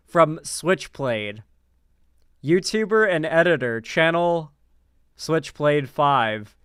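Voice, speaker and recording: A man's voice: on the high side, lively intonation, slow pace, fairly bright tone, clean tone, no echo. A man hosting casual political commentary, sarcastic and rambling with lots of filler words. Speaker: host. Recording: dry close-miked room.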